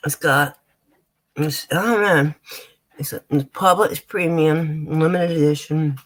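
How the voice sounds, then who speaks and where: A woman's voice: sits low, fairly even intonation, measured pace. An American woman chatting casually on a live stream, swearing freely and talking straight to her viewers. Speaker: vlogger.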